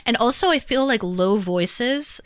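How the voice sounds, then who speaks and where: A woman's voice: a little high, expressive, a little slow, clear, resonant tone, no echo, studio quality. A woman hosting a call-in chat, talking in a supportive, conversational way. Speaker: host.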